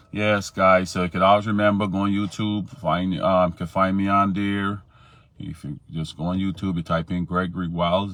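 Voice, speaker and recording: A man's voice: rumbling low, a bit bright. A man hosting a live morning devotional stream, talking informally, greeting viewers by name and repeating himself. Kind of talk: casual live-stream Bible talk.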